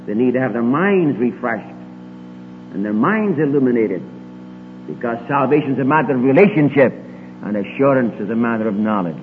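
Male preacher, animated sermon delivery, emphatic rises and hushed asides, long hall reverb. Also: moderate pace. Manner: swings between emphatic rises and quiet low asides. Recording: tinny lo-fi recording with long hall reverb and faint hum.

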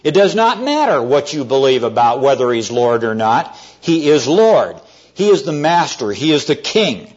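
A man preaching an evening sermon to a congregation, earnest and storytelling, often slowing down to stress key words. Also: mid-range voice, sing-song, a little mellow. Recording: dull lo-fi sermon recording.

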